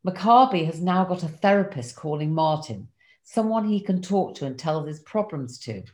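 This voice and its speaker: Wry, low-voiced older woman. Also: lively intonation, moderate pace, a little mellow. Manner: wry, self-mocking and candid. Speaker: guest recounting a diary. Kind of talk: reading diary entries and casual chat.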